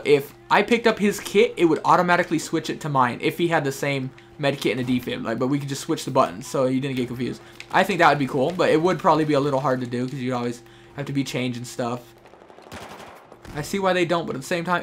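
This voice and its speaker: A man's voice: fairly high pitch, fairly bright tone. A young man giving casual, chatty commentary while playing a shooter game, talking to teammates and viewers. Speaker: gameplay streamer. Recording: faint game gunfire behind.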